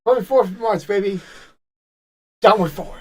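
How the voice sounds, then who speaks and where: Man, podcast co-host, high-pitched, easygoing short answers. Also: normal speed. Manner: laid-back, agreeable, short replies. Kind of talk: casual chat.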